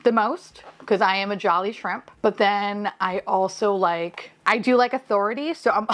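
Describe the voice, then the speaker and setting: A woman's voice: mid-range voice, fairly bright tone. A woman, chatting casually while unboxing blind boxes, gushing, swearing freely and giggling often.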